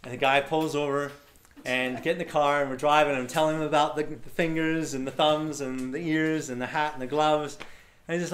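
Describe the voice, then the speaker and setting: Animated storytelling man from Florida. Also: on the high side, quick pace. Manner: animated, acts out voices of people in his story. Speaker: speaker. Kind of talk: storytelling talk to a live audience. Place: event room with a live audience.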